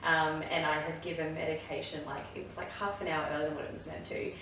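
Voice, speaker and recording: A candid woman, a guest nurse, tells her work stories with a filler "like" here and there. Her voice sits very low for a woman. She is picked up from a distance in a very echoey room, with faint ambience behind her. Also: flat delivery, fast, fairly bright tone, slight background noise. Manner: candid, storytelling, slips into "like". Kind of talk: casual podcast chat.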